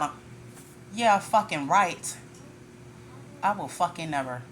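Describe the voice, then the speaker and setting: A woman's voice: fairly low pitch, animated, slow, a little hiss or hum. A woman tarot reader ranting in a casual monologue, blunt and profane, with frequent laughter.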